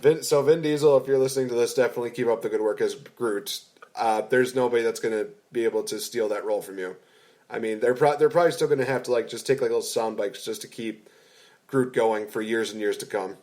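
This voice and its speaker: A man's voice: medium pitch, fast, a little mellow. Enthusiastic man reviewing a movie. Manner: enthusiastic, rambling with restarts. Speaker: podcast co-host. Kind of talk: casual movie review chat.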